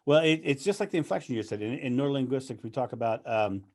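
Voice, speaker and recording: A man's voice: mid-range voice, lively intonation, fast talker, darkish tone. A man interviewing a guest in casual chat, laughing often and restarting his sentences.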